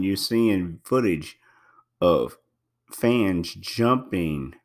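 A man's voice: low-pitched, darkish tone. A man hosting a podcast in casual spoken commentary, talking emphatically, repeating himself and using many fillers. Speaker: podcast host.

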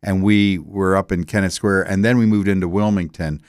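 A man's voice: deep voice, fairly even intonation, normal speed, a little mellow, no echo, studio quality. An older man from Delaware, telling family stories in a casual interview, rambling with many fillers. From Delaware, USA. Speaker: interview guest.

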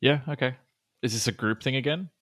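A man playing a tabletop game, speaking in a dry, low-key way. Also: a little fast, fairly bright tone. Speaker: player.

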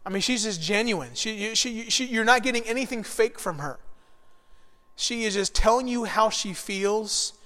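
A man leading an informal Bible study, talking in a lively, animated storytelling way with frequent restarts. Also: high voice, normal speed, long reverb tail.

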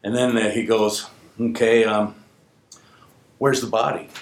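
Animated man telling a story, echoey room. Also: fairly low pitch, unhurried, slight background noise. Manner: animated, acts out quoted voices. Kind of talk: casual spoken anecdote.

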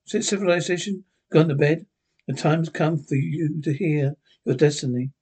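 A man's voice: a little high, steady tone, normal speed, darkish tone, slightly rough. A man reading a horror story aloud, voicing a grave wandering man who speaks dryly, with a mocking edge. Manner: grave and dry.

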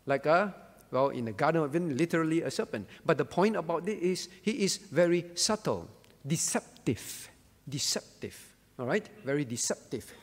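A man teaches scripture to a group, stopping often to ask questions and call on people by name. His voice sits fairly high for a man. The sound carries a long reverb, as in a large hall. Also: animated, brisk. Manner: asks questions and calls on listeners by name, repeats key words. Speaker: pastor. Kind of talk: interactive Bible teaching.

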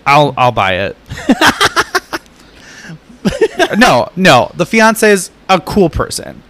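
A man's voice: fairly high pitch, drawn-out words. A man co-hosting a podcast in casual chat, joking sarcastically and reacting with big exclamations. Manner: animated, sarcastic, jokey. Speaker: podcast co-host.

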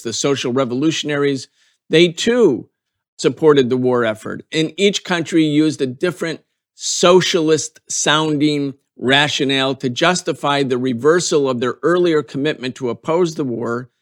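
Earnest man explaining political history. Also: on the high side. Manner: earnest, building emphasis with repeated phrases. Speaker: podcast host.

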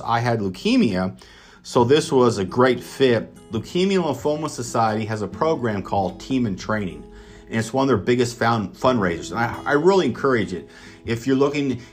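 A man from Kansas telling a motivational personal story in an enthusiastic, conversational way, with lots of fillers. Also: mid-range voice. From Kansas, United States. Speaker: speaker sharing his story.

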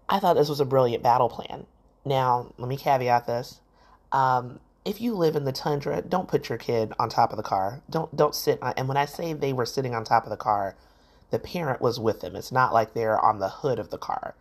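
Woman podcaster, really low voice, chatty storyteller who acts out the quotes. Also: normal speed. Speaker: podcast host. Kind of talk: solo podcast talk.

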